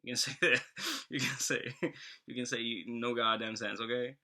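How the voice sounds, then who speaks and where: A man voicing a relaxed, slang-talking God who tells people to chill out. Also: mid-range voice, normal speed. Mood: laid-back. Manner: casual, teasing, says bro and chill. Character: laid-back slangy male God.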